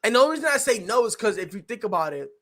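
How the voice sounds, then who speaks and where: A man hosting a casual sports talk show, rambling and animated, swearing freely with his co-hosts. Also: sits high, racing. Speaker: show host.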